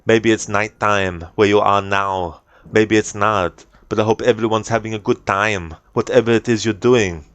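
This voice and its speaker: A man's voice: lowish voice, steady tone, moderate pace, no room sound, close to an everyday voice. A man putting on a chirpy Austrian action-star accent. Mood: friendly. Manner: cheerful, chatty streamer greeting.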